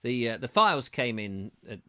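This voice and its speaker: A man's voice: medium pitch, sing-song, normal speed, bright, forceful tone. A middle-aged man from England hosting a casual livestream, reading out viewers' comments and chatting in a rambling, jokey way with playful wordplay. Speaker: host reading live chat comments.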